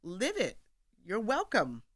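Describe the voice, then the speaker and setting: A woman guest on a radio studio show, telling stories with animated energy and laughing often as she acts out bits of dialogue. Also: medium pitch, takes it slowly, no room sound. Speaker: guest author. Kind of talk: candid storytelling in conversation.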